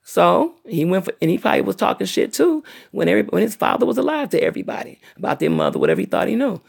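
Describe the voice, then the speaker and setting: A woman's voice: medium pitch, sing-song, fast, vocal fry, a little mellow, slightly rough. A middle-aged woman hosting her own livestream, talking at length in a blunt, profane, long-winded way. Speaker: channel host livestreaming. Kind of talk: unscripted livestream rant.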